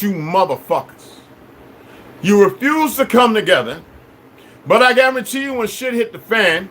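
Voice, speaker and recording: A man delivering a combative, profanity-laden monologue to camera, dropping to low mutters and rising to shouts, with many restarts and repeated words. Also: slight background noise. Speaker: vlogger.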